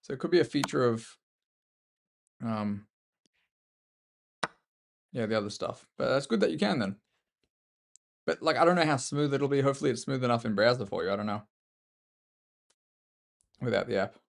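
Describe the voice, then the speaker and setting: Gravelly-voiced Australian chess streamer. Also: male voice, medium pitch, expressive, normal speed, pauses often. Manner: mumbling, self-deprecating, chatting to viewers between moves. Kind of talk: casual live-stream commentary while playing chess.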